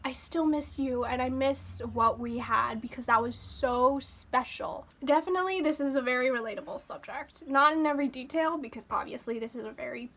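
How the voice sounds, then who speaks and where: A woman's voice: high voice, moderate pace, few pauses, fairly bright tone. A young woman vlogging her first reaction to an album, talking casually and getting openly emotional, gushing and exclaiming between her thoughts. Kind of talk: casual music reaction commentary. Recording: music playing behind her. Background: music playing.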